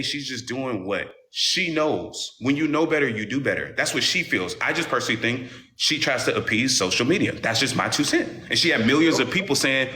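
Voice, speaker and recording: A young man speaking as an interview guest, defending himself in casual talk with animated delivery and stumbling restarts. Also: mid-range voice, fairly quick, few pauses, slight background noise. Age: young adult.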